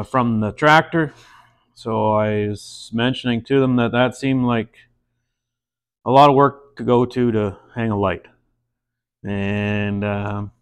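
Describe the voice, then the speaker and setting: A man with a mid-range voice unhurriedly tasting a beer and easing into a farmer joke. He talks at a slow, relaxed pace, dropping fillers and puns along the way. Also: medium pitch, smooth. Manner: laid-back with frequent fillers and puns.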